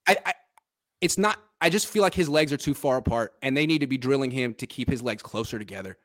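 A man's voice: medium pitch, lively intonation, fast talker, a bit bright. A man hosting a casual sports podcast, animatedly breaking down football film and chatting with his father. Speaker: podcast host.

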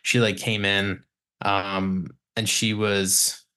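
A man's voice: fairly low pitch, little pitch movement, takes it slowly, bright, forceful tone. Rambling man telling studio stories. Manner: rambling, many restarts, swears, mimics clients. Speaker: guest, recording engineer. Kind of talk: casual podcast chat, storytelling.

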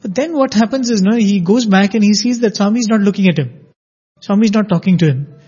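Male storyteller with a high, dark, husky voice; lively, acts out quotes. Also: fast talker. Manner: animated, acts out quoted dialogue. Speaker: storyteller sharing a devotional anecdote. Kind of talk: conversational spiritual storytelling. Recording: dull lo-fi audio.

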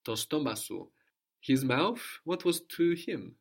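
A man's voice: a little high, big pitch swings, slow, husky. A man teaching a language lesson, patiently prompting his student with questions and repeating the answers.

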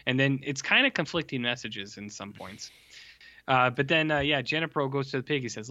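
A man's voice: mid-range voice, expressive, brisk, bright, forceful tone. A man co-hosting a casual podcast, making dry, joking asides. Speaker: podcast co-host. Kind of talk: casual chat. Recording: dry, muffled lo-fi mic.

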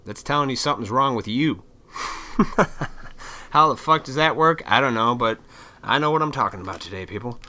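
A man's voice: medium pitch, expressive, moderate pace, pauses often, bright, forceful tone. A man talking straight to camera in a casual, profane, opinionated monologue. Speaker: vlogger.

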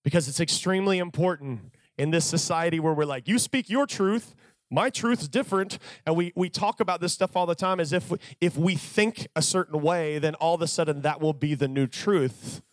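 A man preaching a sermon to a youth crowd, telling stories in an animated, joking way. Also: on the high side, fairly quick, few pauses, no room sound.

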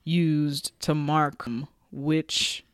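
A woman's voice: sits low, extremely slow, dry recording, clean studio sound. A woman co-hosting a podcast, casually recapping a TV episode with lots of fillers and swearing. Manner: chatty, profane, animated storytelling with frequent fillers. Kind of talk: casual chat.

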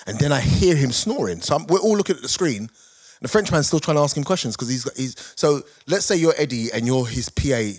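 A man, a comedian telling animated stories on a podcast panel. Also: mid-range voice, fast talker. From Britain. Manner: animated anecdote-telling with quoted voices. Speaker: guest comedian. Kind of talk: casual storytelling on a podcast panel. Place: studio.

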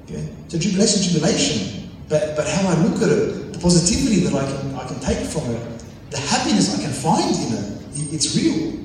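A man's voice: a little high, sing-song, brisk, a little mellow, a little hiss or hum. A man, a priest, giving a sermon full of stories and self-mocking humour. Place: large echoey church hall. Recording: distant mic in a reverberant hall.

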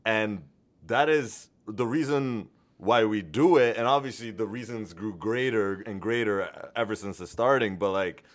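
Podcast co-host, male, lower register, relaxed and supportive, casual profanity. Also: measured pace. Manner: relaxed, encouraging, swears casually. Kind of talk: casual chat.

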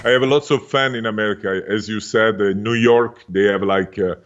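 A man in his fifties from Italy, speaking animated, broken English with an Italian accent as a podcast guest. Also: lowish voice, moderate pace, highs cut off. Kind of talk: casual interview chat.

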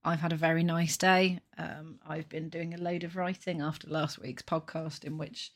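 A woman's voice: deep voice, level tone, moderate pace. A woman co-hosting a podcast, chatting casually in a wry, meandering way. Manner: chatty, wry, frequent ums. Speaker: podcast co-host. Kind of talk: casual chat.

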